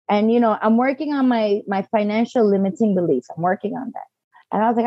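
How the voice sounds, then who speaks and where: Woman, middle-aged, animated storytelling, dry dull lo-fi recording. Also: mid-range voice, fast talker, no echo. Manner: animated storyteller acting out quotes. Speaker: client, podcast guest. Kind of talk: casual conversation.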